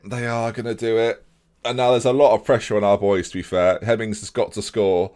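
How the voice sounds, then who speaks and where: A young man commentating his own video game match, fretting one moment and shouting the next. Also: on the low side, a little fast, smooth. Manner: excitable, swings from fretting to shouting.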